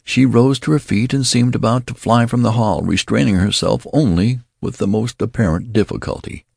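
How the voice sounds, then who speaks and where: A man narrating a story in a deliberate, expressive reading. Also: medium pitch, vocal fry, breathy edge, dry recording, studio quality. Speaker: audiobook narrator.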